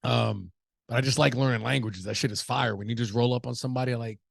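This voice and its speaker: A man's voice: medium pitch, fairly even intonation, fast, gravelly, no echo, studio quality. A young adult man from the United States hosting a podcast, riffing casually with profanity, jokes and rhetorical questions. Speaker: podcast host.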